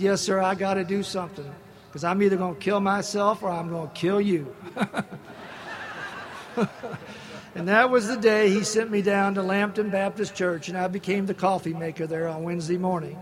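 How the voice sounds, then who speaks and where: A man sharing his recovery story at a meeting, folksy and animated, quoting other people in character. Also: high-pitched. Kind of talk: storytelling share to an audience. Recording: live talk with crowd. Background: audience laughter.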